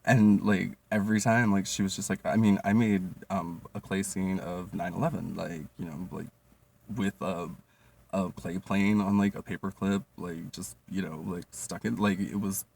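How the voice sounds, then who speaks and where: Low gravelly young man rambling stories. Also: fairly even intonation, moderate pace, a little mellow. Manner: rambling, lots of "like" and "um", swearing, laughing. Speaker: vlogger. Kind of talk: casual comedic storytelling. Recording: distant mic, faint noise.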